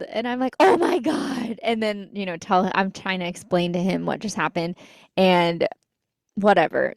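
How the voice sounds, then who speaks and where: A woman's voice: mid-range voice, no room sound. Chatty young woman, dry close sound. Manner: chatty and enthusiastic, playful jabs. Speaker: podcast co-host. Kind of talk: casual chat.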